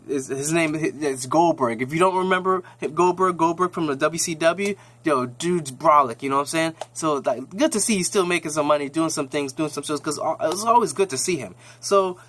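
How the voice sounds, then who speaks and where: Guy rambling through a show recap, slangy, keeps restarting, kinda high voice. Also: a little fast, hardly any pauses, a bit bright, slight background noise. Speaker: TV episode recapper. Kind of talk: casual recap chat.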